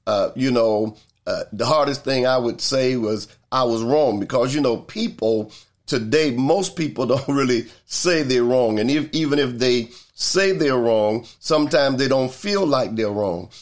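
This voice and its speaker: A man's voice: mid-range voice, measured pace. A man talking through his thoughts in a casual monologue, thoughtful and rambling, with many fillers and repeated words.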